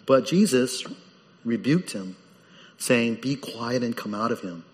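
Animated male preacher in a reverberant hall. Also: unhurried. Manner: animated preaching with sudden pitch jumps for quoted voices. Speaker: pastor. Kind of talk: sermon.

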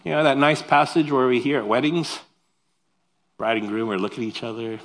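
A man preaching a sermon as pastor, animated and conversational, turning to the congregation with questions and personal asides. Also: medium pitch, fairly quick.

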